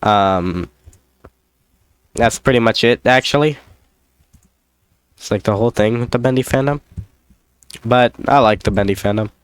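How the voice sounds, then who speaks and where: Slow, smooth-voiced young man rambling. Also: medium pitch, no room sound. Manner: meandering, self-deprecating, jokey asides. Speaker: YouTuber. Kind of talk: rambling solo vlog chat.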